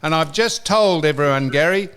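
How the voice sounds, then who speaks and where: A man hosting a casual podcast, his voice sitting a little higher than usual for a man. He tells stories in a rambling way, stopping and restarting often, with a few curses thrown in. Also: normal speed, a bit bright, clear, resonant tone. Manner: rambling storyteller with frequent restarts and cursing. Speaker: podcast host. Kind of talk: casual chat.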